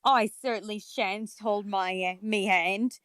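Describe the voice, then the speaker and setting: A woman's voice: mid-range voice, steady tone, unhurried, a bit bright, no room sound, natural voice. A woman voicing a coarse older charwoman with a put-on Cockney accent that drifts toward Australian, cool and brazen. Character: coarse older Cockney charwoman selling a dead man's things.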